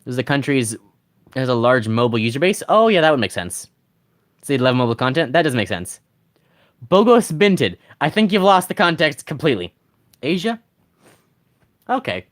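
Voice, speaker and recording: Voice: mid-range voice, very animated, a little fast, long pauses. A game streamer chatting casually on a live stream, rambling with many restarts and reading chat messages aloud at a desk mic.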